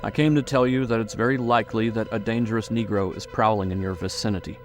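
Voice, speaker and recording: A man's voice: fairly low pitch, steady tone, quick pace, faint music behind, close to an everyday voice. A man voicing a tough, resentful backwoodsman who answers curtly and angrily. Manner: curt, angry.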